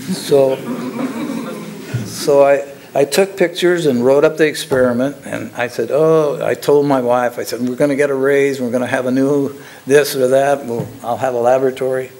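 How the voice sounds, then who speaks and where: An older man, a former lab technician, telling his story in a casual, halting way with frequent chuckles. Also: mid-range voice, a little mellow, a little hiss or hum.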